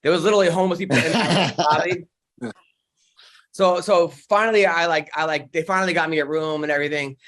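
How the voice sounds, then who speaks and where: A man's voice: on the high side, fast talker, fairly bright tone. A man telling stories on a comedy podcast, casual chat, rambling with lots of fillers and restarts.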